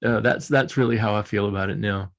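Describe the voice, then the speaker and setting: An older man, interviewed as a guest author, talks earnestly and with emotion, tearful yet often laughing through his stories as he reflects. His voice is on the low side, with fairly even intonation and vocal fry. He speaks fairly quickly.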